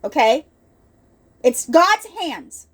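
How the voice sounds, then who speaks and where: A woman's voice: sits high, very animated, very slow, fairly bright tone, husky. A woman hosting an unscripted ministry video, giving an earnest, rambling spiritual testimony with many restarts and asides, emotional at times.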